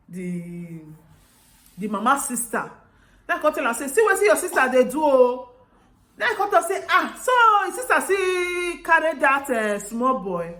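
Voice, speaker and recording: Animated Nigerian woman telling a story. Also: high-pitched. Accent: Nigerian Pidgin. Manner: animated, acts out quoted voices with laughter. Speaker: vlogger. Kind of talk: casual storytelling. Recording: roomy echo.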